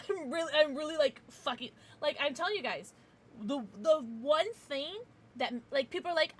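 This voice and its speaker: A woman's voice: sits high, expressive, fast, a bit bright. A woman streaming a video game, chatting casually with her viewers and swearing freely. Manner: chatty, swears freely, talks to chat by name. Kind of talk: casual livestream chat.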